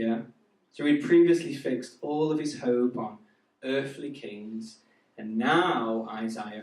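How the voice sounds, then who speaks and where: A man's voice: medium pitch, darkish tone. Guy giving a youth sermon, asks the crowd stuff, echoey hall, mic kinda far. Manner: chatty, asks the audience questions. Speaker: youth preacher.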